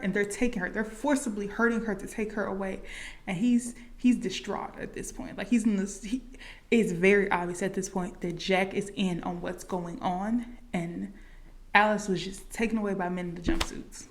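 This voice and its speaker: A woman's voice: mid-range voice, steady tone, moderate pace. Chatty woman recapping a movie. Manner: chatty, many likes and fillers. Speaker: movie reaction vlogger.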